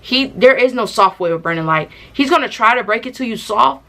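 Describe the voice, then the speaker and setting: A young woman vlogger, telling a storytime tale in a casual, animated, slangy way with laughing asides. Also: fairly high pitch, fairly quick.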